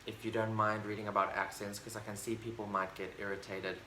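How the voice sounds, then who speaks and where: A man's voice: lowish voice, little pitch movement, fairly quick, bright, forceful tone. A man chatting casually about his favorite books for a vlog, enthusiastic and rambling, with many fillers and restarts. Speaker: book vlogger. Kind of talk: casual book review chat. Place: room at home with a bookshelf. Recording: roomy echo, faint background noise.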